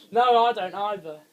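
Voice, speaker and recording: A young man giving let's play commentary on a horror game, jumpy and quick to scream when startled. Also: high-pitched, gravelly. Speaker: gaming channel host.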